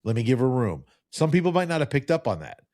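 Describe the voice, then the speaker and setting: A man's voice: mid-range voice, very animated, fast, a little mellow, slight background noise. A man in his fifties with a faint New Jersey accent, hosting a casual interview and telling rambling stories with many restarts. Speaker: podcast host.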